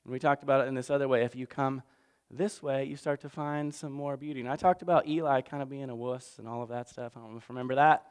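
A pastor gives a casual recap of a sermon, speaking conversationally, poking fun at himself, and acting out little voices. His voice is medium-pitched and clean, with fairly even intonation and a fast pace.

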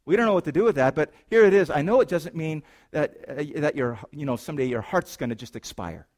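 A man with a high voice delivering a sermon to his congregation. He is playful and animated, dropping to a hush on serious lines and climbing into loud, excited exclamations. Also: fairly quick. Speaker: pastor.

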